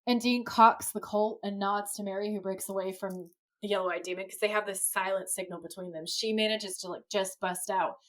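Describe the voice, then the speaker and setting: A woman talks through a TV episode beat by beat on a podcast, chatty and lively. Her delivery is relaxed and conversational, with the occasional swear dropped in. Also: medium pitch, brisk, few pauses. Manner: lively play-by-play retelling, casual swearing. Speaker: podcast co-host. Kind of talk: casual episode recap.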